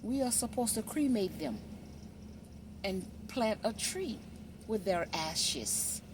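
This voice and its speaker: Preachy woman with lively swinging pitch. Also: takes it slowly, noisy background. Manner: preachy, repeats "you see?"; emphatic, swings between loud and hushed. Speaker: social media commentator. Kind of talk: impassioned monologue.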